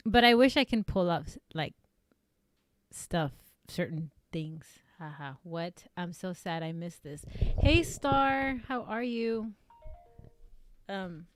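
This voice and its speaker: A woman streamer who does amateur voice acting, chatting casually and rambling with many fillers and restarts in a fairly flat delivery. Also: clear, resonant tone. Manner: flat, low-emotion delivery. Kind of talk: casual live-stream chat.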